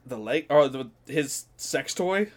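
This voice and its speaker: A man's voice: medium pitch, animated, slow. A man co-hosting a podcast in casual chat, laughing often and swearing as he retells scenes. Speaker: podcast co-host.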